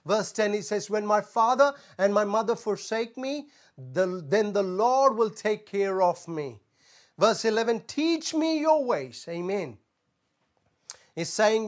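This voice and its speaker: A man's voice: high-pitched, animated, measured pace. Earnest male pastor preaching. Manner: earnest, repetitive, punctuates points with "Amen"; stumbles on filler sounds when searching for words. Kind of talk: sermon.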